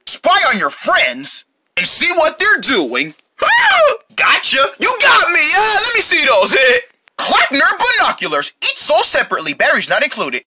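A woman runs through homemade parody cartoon commercials, hopping from one silly voice to the next. Her pitch swoops all over and sits a little high. The tone is bright with a breathy edge. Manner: playful, jumping between put-on character voices and shouted cries.

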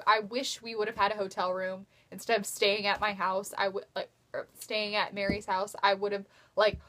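A woman's voice: medium pitch, fairly bright tone. A young woman telling a fan story in a casual vlog, giddy and gushing, with breathless squealing outbursts. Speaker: fan vlogger. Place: bedroom at night.

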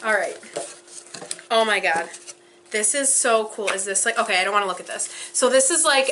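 A young woman vlogging an unboxing, gushing with breathless excitement and frequent gasps. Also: medium pitch, moderate pace, slight background noise.

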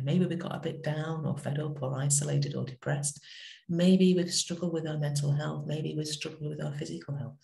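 A middle-aged woman vicar giving a gentle, reflective talk that tells a story, with pauses. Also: low voice, creaky, roomy sound. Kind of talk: short spoken reflection.

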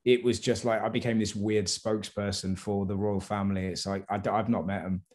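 An English comedian talks through a relaxed interview in a lowish, mellow voice. He rambles cheerfully, piling up animated anecdotes as he goes. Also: a little fast. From England. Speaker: comedian guest. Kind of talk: casual interview chat.

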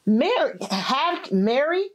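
A woman's voice: sits high, big pitch swings, slow. Reflective woman sharing her testimony. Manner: reflective storytelling, acting out quotes. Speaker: guest. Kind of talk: personal testimony in interview.

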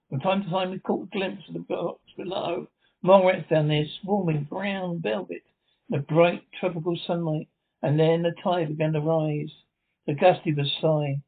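A man's voice: fairly high pitch, fairly even intonation, normal speed, vocal fry, husky. A man reading a radio drama script aloud, stage directions included, stumbling now and then. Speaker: script reader. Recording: tinny phone-like sound.

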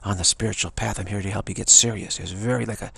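Male spiritual teacher, rambling and emphatic, very raspy and low. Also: steady tone, fast talker, pushed and bright, no echo. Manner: emphatic, repeats himself, chuckles. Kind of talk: rambling spiritual talk to camera.

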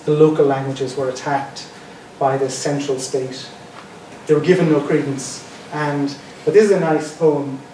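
A man's voice: fairly high pitch, a little mellow. A man with a South County Dublin accent giving an informal public lecture, talking in a conversational, digressive way and restarting his phrases. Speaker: guest lecturer. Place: lecture room in an archive building. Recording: roomy, distant mic, faint background noise.

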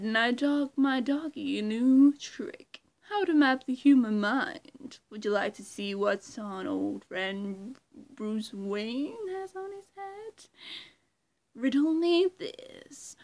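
A smug, unhinged male supervillain gloats in a hammy, drawn-out way, as a woman puts him on. His lines are stretched slowly and pushed a little high. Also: wildly swooping pitch, exaggerated voice. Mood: gloating.

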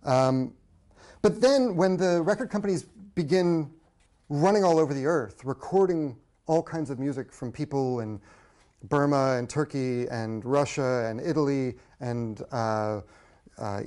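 A man from the United States giving a public lecture on old recordings, talking conversationally with frequent pauses. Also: mid-range voice, a little mellow.

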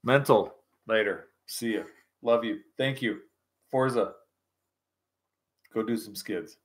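A man's voice: lowish voice, slow pace. A man hosting a casual live chat with viewers, rowdy, joking and profane, a little tipsy. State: tipsy from scotch. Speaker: livestream host.

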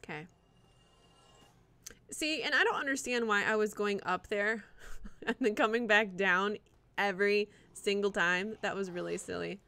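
A woman streaming live gameplay, swearing and reacting out loud to the game and chatting with viewers. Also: medium pitch, a little slow, pauses often. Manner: profane, reactive, talks to the game and chat.

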